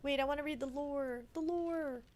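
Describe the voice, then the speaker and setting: An American woman with a slightly high voice talks casually over a game stream, chatty and animated. She giggles often and drifts between stories and remarks. A faint hum of room ambience sits under her voice. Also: moderate pace. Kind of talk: casual chat while gaming.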